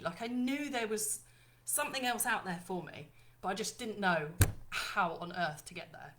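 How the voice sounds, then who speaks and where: A woman's voice: medium pitch, moderate pace, noisy background. A woman hosting a casual live stream, chatty and bubbly, talking straight to her viewers. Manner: chatty, bubbly, apologetic, addresses viewers as lovely ladies. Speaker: live-stream host launching her ebook.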